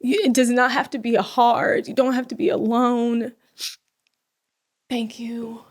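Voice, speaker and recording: Higher-voiced woman hosting a faith podcast. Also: little pitch movement, moderate pace. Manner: emotional, effusive, drops to whispers when moved. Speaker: podcast host. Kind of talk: casual faith conversation.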